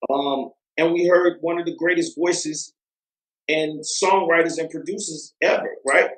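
A man's voice: a little high, steady tone, a little slow, reverberant, low-quality recording. A man talking as a music producer guest in a casual interview, rambling with lots of fillers and restarts.

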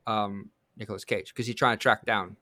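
Man, podcast co-host, casual chat, pitching ideas, fillers, dry sound. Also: normal speed, no echo. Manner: brainstorming with lively bursts, fillers.

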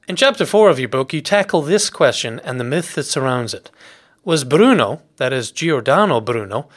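A man hosting an interview podcast, reading a prepared introduction and measured questions. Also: medium pitch, fairly bright tone. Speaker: podcast host.

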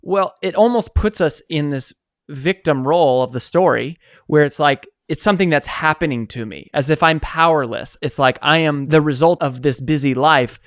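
A man, an author who runs a coaching company, telling stories in a conversational interview, animated and acting out quotes. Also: on the high side, moderate pace, no room sound, studio quality. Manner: animated storyteller, acts out quotes.

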